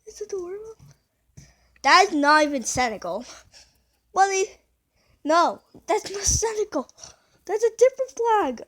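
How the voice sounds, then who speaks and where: Animated high-voiced young woman reacting. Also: a little slow, long pauses. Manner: bewildered, exclaiming, laughing often. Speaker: reaction video creator. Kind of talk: casual reaction commentary.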